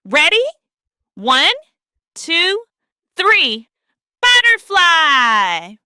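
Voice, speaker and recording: Bright, bouncy woman children's host. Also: high-pitched, sing-song, takes it slowly, very noisy. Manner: sing-song, coaxing, asks children to join in. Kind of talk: children's lesson.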